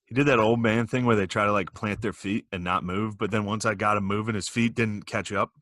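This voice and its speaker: A man's voice: on the low side, fairly even intonation, fairly quick, a bit bright, dry recording. A young man co-hosting a podcast, telling crude, profane stories and laughing often in casual banter. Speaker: podcast co-host.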